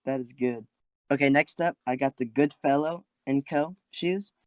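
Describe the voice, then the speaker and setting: A man's voice: mid-range voice, unhurried, a little mellow, dry recording. A man chatting casually with friends on a podcast, rambling with lots of fillers, talking from his closet. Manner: rambling, many "like" and "um" fillers, playful. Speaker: podcast co-host.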